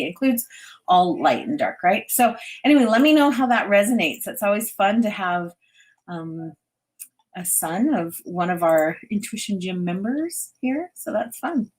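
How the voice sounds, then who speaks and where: A chatty woman hosts a live stream and reads viewer comments aloud. Her voice sits a little low, and she laughs often as she gives intuitive readings. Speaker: intuitive reader and host.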